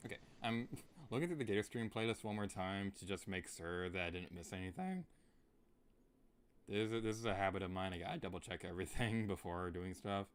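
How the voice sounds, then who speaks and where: A man's voice: low voice, expressive, fairly quick, slight background noise. A young man chatting casually and playfully while streaming a video game, humming and singing along now and then. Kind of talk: casual gameplay commentary.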